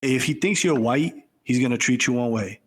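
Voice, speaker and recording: A man's voice: mid-range voice, moderate pace, slightly rough. A man on a podcast making blunt, emphatic points and repeating himself for effect. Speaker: podcast co-host. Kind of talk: casual chat.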